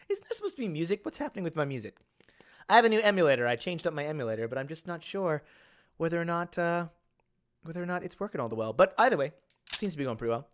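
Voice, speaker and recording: An Australian man chatting excitably while streaming a game, often gasping and laughing. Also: on the high side, fast, pauses often. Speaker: streamer and voice actor. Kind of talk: casual game stream chat.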